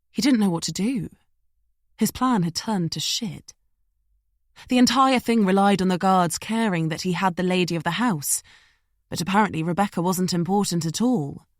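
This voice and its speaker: A woman reading a suspense audiobook in steady, tense narration. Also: fairly low pitch, dry recording, clean studio sound.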